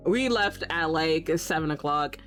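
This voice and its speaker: A woman's voice: low voice, expressive, unhurried, a bit bright. A young woman streamer ranting in casual stream chat. She swears constantly, laughs often, and acts out her own exasperated reactions. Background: faint background music.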